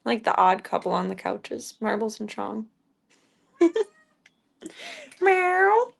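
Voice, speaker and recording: Young woman on a live stream, talking to her cats, chatty and easygoing, goes all high and cooing with the pets sometimes. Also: steady tone, moderate pace, creaky. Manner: chatty, slips into high baby talk with the cats. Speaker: streamer caring for pet cats. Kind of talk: casual live-stream chat.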